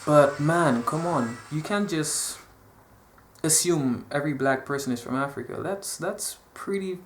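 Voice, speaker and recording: A young man from Dominica talks casually to camera in an animated way. He repeats words and acts out conversations as he goes. The room is echoey and faint music plays behind him. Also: fairly high pitch, measured pace. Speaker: vlogger. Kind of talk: casual storytelling vlog.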